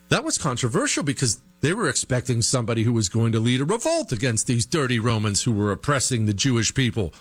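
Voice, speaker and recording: Animated male talk host, big pitch swings. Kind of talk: opinion monologue to listeners.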